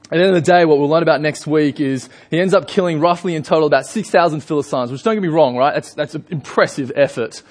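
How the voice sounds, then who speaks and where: A young man with an Australian accent delivers a sermon as if chatting with friends, full of fillers and asides. His voice sits a little high for a man. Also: quick pace. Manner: chatty storytelling with frequent fillers. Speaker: preacher.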